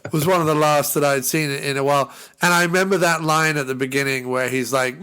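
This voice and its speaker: Man, podcast co-host, bright tone, animated and profane. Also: medium pitch, fast talker, hardly any pauses, clear, resonant tone. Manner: animated, swearing, quoting movie lines in a raised voice. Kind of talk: casual film chat.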